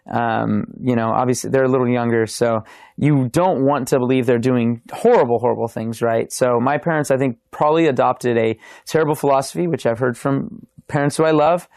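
A man's voice: medium pitch, darkish tone, no room sound, studio quality. A man in his thirties, a podcast guest telling his faith testimony in an earnest, restart-filled storytelling way. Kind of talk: testimony in casual interview.

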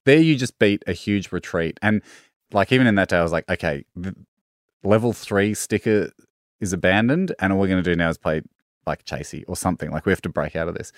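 A middle-aged Australian man, a podcast guest, telling stories in an animated, self-deprecating way and acting out the lines he quotes. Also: low-pitched, a little fast, no room sound, clean studio sound. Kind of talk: casual storytelling.

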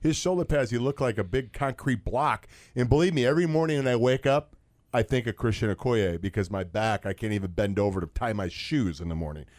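Rambling former player telling stories. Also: male voice, mid-range voice, animated, a little fast, a little mellow, no echo. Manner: rambling anecdotes with fillers and laughs. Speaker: co-host, former football player. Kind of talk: casual sports chat, storytelling.

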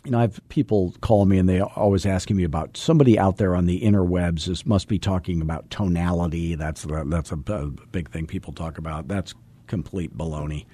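A man's voice: low voice, fairly quick, dark tone, husky, dry recording. A middle-aged man hosting a podcast, coaching in a casual, joking, folksy way. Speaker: podcast host and real estate coach.

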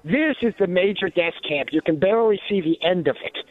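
A man's voice: high voice, lively intonation, a little fast, narrow, tinny audio. A man giving indignant, sarcastic talk radio commentary, with many restarts and asides.

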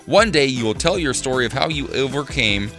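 A man's voice: mid-range voice, animated, fairly quick, pushed and bright, faint music behind. A man hosting a radio show, chatting casually with a co-host and telling upbeat stories. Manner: easygoing, upbeat storyteller.

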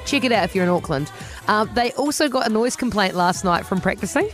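A woman with a New Zealand accent hosting a casual radio chat, chatty and quick to laugh. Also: mid-range voice, expressive, faint music behind. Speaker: radio host. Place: radio studio.

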